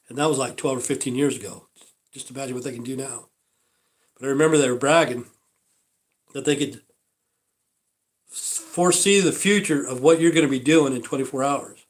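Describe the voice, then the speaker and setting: An older man rambling through a casual livestream monologue, profane and repetitive, circling back over his points. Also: mid-range voice. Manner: rambling, profane, repeats himself. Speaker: livestream host.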